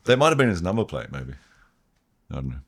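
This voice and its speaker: A man's voice: low-pitched, quick pace, a loud crowd. A New Zealand man in casual conversation, telling stories and lifting his voice when he quotes people. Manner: animated, lifts his voice for quoted dialogue. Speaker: guest, BMX rider. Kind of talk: casual storytelling chat.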